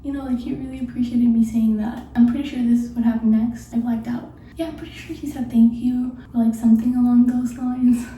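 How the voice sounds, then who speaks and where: Young woman, late-night storyteller; hushed, giggly, a touch high but flat in tone. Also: a little hiss or hum. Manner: hushed, half-whispered, giggly and gushing. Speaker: vlogger. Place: room at night before bed. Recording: very echoey room, mic far off.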